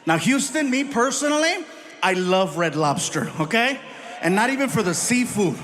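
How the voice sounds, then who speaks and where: High-voiced animated stand-up comic. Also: male voice, normal speed. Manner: animated, punchy, shouts punchlines. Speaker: stand-up comedian. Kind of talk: stand-up storytelling.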